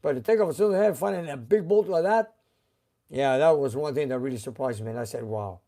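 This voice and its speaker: A middle-aged man who owns a garage, hosting a live stream in a relaxed, halting way with many fillers as he reads out viewer comments. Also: a little high.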